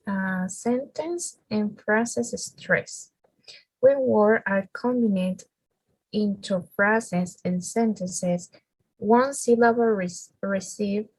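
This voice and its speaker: Non-native woman presenter, slow and gravelly, dry close sound. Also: medium pitch, no room sound, poor audio. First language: Spanish. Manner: halting, with restarts and fillers. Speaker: student presenter. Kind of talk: reading a class presentation.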